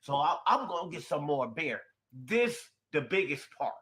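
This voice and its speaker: A man telling a personal story in an emphatic, expressive way, going from quiet to loud. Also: on the high side, normal speed. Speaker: storyteller in a shared video.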